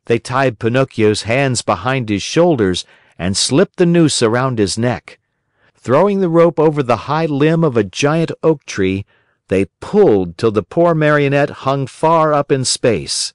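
A man gently narrating a children's storybook audiobook in an expressive reading voice. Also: mid-range voice, a little slow, no room sound, clean studio sound.

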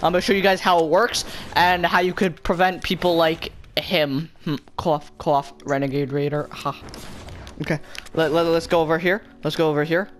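A male gaming YouTuber giving excited, taunting commentary over voice chat, bossing another player around and yelling gleefully. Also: fairly high pitch, normal speed, slight background noise. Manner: bossy, taunting, yells gleefully.

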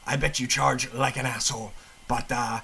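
Gravelly, brash male game reviewer. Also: medium pitch, level tone, moderate pace, bright, forceful tone, slight background noise. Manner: brash, profane, mock-angry. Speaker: gameplay reviewer and host. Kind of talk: comedic game commentary.

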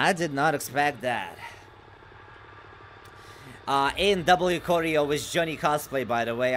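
Man, game streamer, casual chat with viewers, excitable, bright sharp tone, fairly high voice. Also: a little hiss or hum. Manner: excitable and restless, swings from mutters to loud outbursts. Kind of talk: casual live-stream chat, reading chat aloud.

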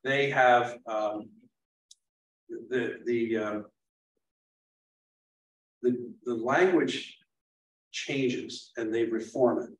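A man's voice: mid-range voice, drawn-out words, long pauses. Man lecturing in a very echoey room. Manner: explains patiently, repeating foreign words aloud. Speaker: guest lecturer. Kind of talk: informal lecture. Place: meeting room. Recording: very echoey room, mic far off.

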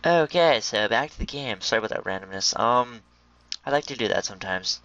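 A young man giving chatty, excitable commentary on a video game and talking to his viewers. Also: on the low side, a little fast, no echo, highs cut off. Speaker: gameplay commentator. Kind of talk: casual gaming commentary.

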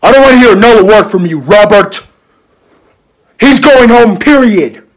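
A man voicing an angry adult who shouts at a boy to stop yelling. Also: sits high, expressive, moderate pace, pitched above the performer's own voice. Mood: furious scolding. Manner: shouting, threatening.

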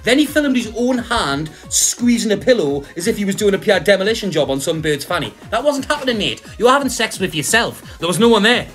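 A fairly high-voiced man does a profane comedic rant over a reaction video. He mocks each clip he reacts to and swears as he goes. Faint music sits behind him. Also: animated, fairly quick, few pauses, a bit bright. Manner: swearing, mocking, ranting.

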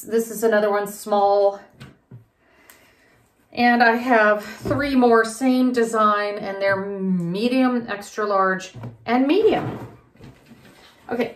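A woman reseller chatting casually as she unboxes craft and holiday items, rambling and thinking aloud with quick laughs. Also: mid-range voice, echoey room, slight background noise. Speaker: reseller unboxing grab bags.

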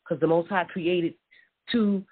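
Husky preacher on a tinny phone line. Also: mid-range voice, steady tone, slow pace. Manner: repeats words and restarts, affirms with mm-hmm. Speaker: Bible teacher. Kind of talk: informal sermon with scripture reading.

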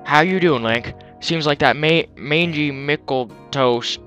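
A man on a headset mic voicing a gruff, smug middle-aged father with a put-on American Southern drawl, folksy and drawling. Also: on the high side, unhurried, fairly bright tone, soft background music.

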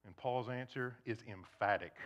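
A man preaching a sermon to a congregation, shifting between loud emphasis and hushed near-whispers, and acting out imagined questioners. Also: medium pitch, normal speed. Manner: acts out imagined questioners in quoted asides. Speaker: pastor.

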